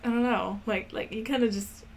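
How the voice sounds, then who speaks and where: A woman's voice: fairly high pitch, fairly even intonation, moderate pace, vocal fry, darkish tone, a little hiss or hum. A woman chatting casually as she plans a character, rambling and laughing at herself. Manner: rambling, many fillers, self-mocking. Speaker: animation creator. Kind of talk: casual chat, thinking aloud.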